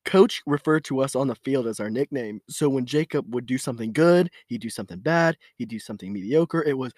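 A man's voice: medium pitch, a little fast, a little mellow, no echo, clean studio sound. A young man in casual chat who giggles and laughs hard while chiming in. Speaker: co-storyteller.

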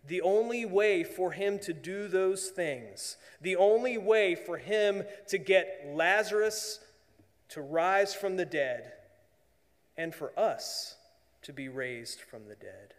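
Slow, earnest preacher in a reverberant hall. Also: male voice, high voice, lively intonation. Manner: earnest, drops to a hushed voice for emphasis. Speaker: pastor. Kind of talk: sermon.

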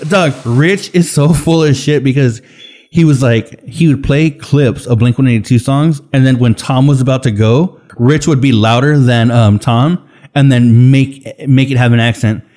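A man's voice: medium pitch, moderate pace, mellow. A man co-hosting a podcast in casual chat, rambling through stories with frequent swearing. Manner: rambling, swears freely, mimics others. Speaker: podcast co-host.

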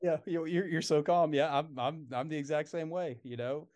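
Young male podcast co-host, relaxed chatty delivery, filler-heavy. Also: a little high, normal speed. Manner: laid-back, many fillers and laughs. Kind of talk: casual chat.

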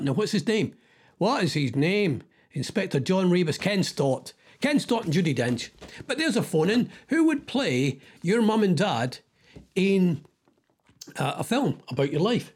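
A man's voice: high voice, sing-song, normal speed, darkish tone, breathy edge. A middle-aged Scottish man hosting a radio show, chatting casually and rambling as he thinks aloud. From Scotland. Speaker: radio host. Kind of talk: casual chat.

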